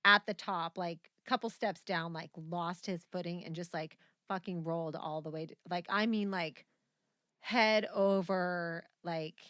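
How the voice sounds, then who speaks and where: A young woman co-hosting a casual podcast chat, animated and quick to laugh, swearing freely as she tells stories. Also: lowish voice, no room sound, clean studio sound. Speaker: podcast co-host.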